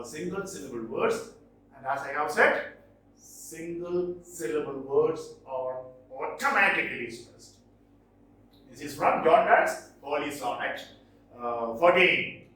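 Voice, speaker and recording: A male teacher gives a slow, deliberate poetry lesson, his pitch leaping up as he stresses and repeats words. His voice rings through a very echoey room, heard from some distance off the mic. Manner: emphatic, repeats key words slowly, with lively pitch jumps. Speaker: English teacher. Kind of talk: classroom lecture on poetry. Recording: roomy echo, distant from mic.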